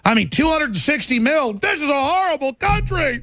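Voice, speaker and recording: Brief: indignant, sarcastic male pundit, high and gravelly, close and dry. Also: very animated, fairly quick, pushed and bright, dry recording.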